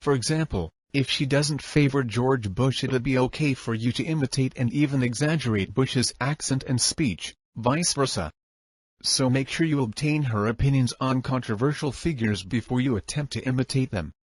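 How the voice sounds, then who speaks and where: Male audiobook narrator, mid-pitched voice, steady instructive delivery, dry close-mic sound. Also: moderate pace, slightly rough, no echo. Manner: even, instructive reading.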